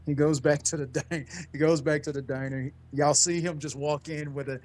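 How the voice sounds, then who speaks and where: A man's voice: on the high side, fairly even intonation, moderate pace, a little mellow. A man running a tabletop horror game as game master, narrating casually with laughs and swearing.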